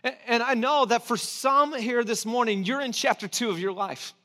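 A man preaching a sermon in a conversational, emphatic way, with restarts and asides, sometimes dropping to soft encouragement. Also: very high-pitched, normal speed. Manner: drops to soft, intimate encouragement. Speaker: pastor.

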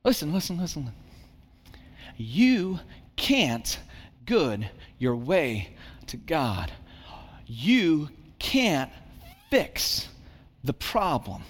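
A man in his thirties preaches a sermon in a high-pitched voice. He tells stories about his family, repeats words for emphasis and leans on dramatic pauses. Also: huge pitch swings, long reverb tail. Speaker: pastor.

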